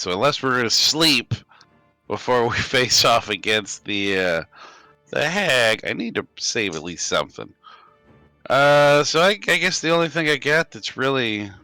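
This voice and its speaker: A man's voice: medium pitch, a little slow, no echo, faint music behind. A man playing a tabletop game, talking casually and hesitantly, with sighs. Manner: sighing, hesitant, relaxed. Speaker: player.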